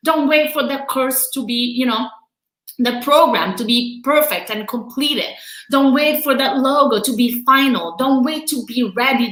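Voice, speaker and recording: During quarantine, a woman streams motivational coaching live from home, speaking candidly and emotionally with plenty of laughter. Her non-native accent comes through a somewhat high, pushed, bright voice, captured in roomy, low-quality audio.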